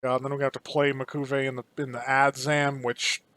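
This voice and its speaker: A man's voice: mid-range voice, flat delivery, normal speed, fairly bright tone, dry recording, low-quality recording. A man hosting a let's-play, commenting in a rambling, profane, digressive way. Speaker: gaming channel host. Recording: game music playing underneath.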